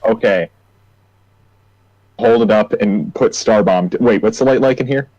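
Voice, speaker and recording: A man's voice: lowish voice, a little slow, darkish tone, no echo, lo-fi sound. A man playing a tabletop role-playing game, playfully describing his character's actions. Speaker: player.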